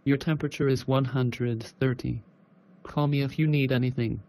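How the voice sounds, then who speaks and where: A synthetic male text-to-speech voice playing a fussy, gullible mother in a cartoon, with a flat, even delivery. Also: mid-range voice, moderate pace, close to an everyday voice. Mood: concerned.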